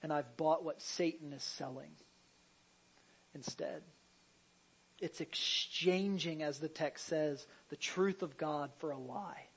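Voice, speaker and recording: A man, a pastor, preaching a sermon in a conversational way, with restarts, sudden loud emphasis and jokey asides. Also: on the high side, slow pace, husky, rough recording.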